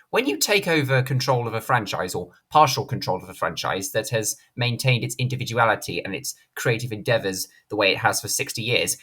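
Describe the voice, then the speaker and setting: A man's voice: mid-range voice, sharp tone, breathy edge. A man hosting a commentary channel, giving a blunt, indignant opinion monologue and swearing freely. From Britain. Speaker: channel host, film commentator.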